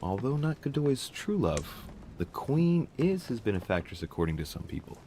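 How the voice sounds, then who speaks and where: An actor playing a composed young male aristocrat in a video game, calm and measured. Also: mid-range voice, a little hiss or hum, lightly acted.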